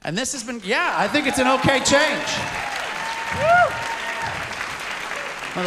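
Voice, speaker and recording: Male comic, very high voice, punchy wry delivery, live stage recording that echoes, with crowd laughter behind. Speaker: stand-up comedian. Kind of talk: live stand-up comedy set. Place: stage at a live taping before an audience. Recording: echoey venue with crowd noise. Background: audience laughter and ambience.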